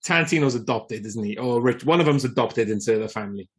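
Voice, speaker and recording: A man co-hosting a podcast, chatting about a film in a wry, lively manner. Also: mid-range voice, fast. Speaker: podcast co-host. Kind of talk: casual film-review chat.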